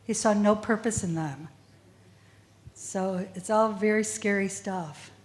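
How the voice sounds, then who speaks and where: A woman's voice: mid-range voice, slow. Middle-aged woman, guest speaker, earnest and emotional, answering students' questions at an assembly. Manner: emotional, tearful at times, earnest. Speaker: guest speaker, child of a Holocaust survivor. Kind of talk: school assembly Q&A.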